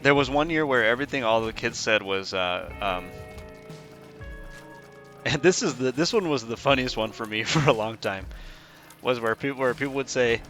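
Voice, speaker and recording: A man's voice: mid-range voice, lively intonation, normal speed, fairly bright tone, soft background music. A man in his thirties giving casual, rambling gameplay commentary, joking and laughing often. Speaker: gaming YouTuber.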